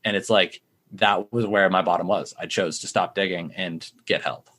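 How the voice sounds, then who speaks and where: Rambling young man, low voice. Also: fairly even intonation, normal speed, fairly bright tone. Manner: rambling, heavy use of "like" fillers. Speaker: startup founder in addiction recovery. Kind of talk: candid interview answers.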